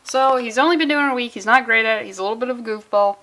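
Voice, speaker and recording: A woman's voice: on the high side, rapid-fire, sharp tone. A young adult woman reviewing a comic in a casual vlog, chatty and jokey, often restarting mid-sentence.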